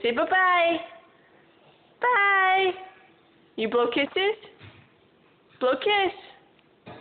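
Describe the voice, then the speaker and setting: A woman's voice: very high voice, lively intonation, drawn-out words. A woman filming a toddler, coaxing her in baby talk and repeating simple words. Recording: tinny lo-fi home video.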